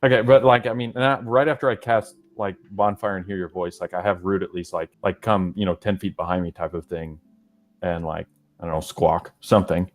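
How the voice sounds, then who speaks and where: A man playing in a tabletop game, talking casually and haltingly with many restarts. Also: low-pitched, flat delivery. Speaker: player.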